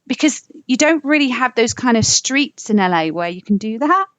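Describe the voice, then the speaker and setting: A woman's voice: on the high side, animated, a bit bright, no echo. A woman with a southern English accent, a singer chatting as a podcast guest in a bubbly, rambling way. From England, London. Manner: bubbly, rambling, quick asides. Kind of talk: casual podcast chat.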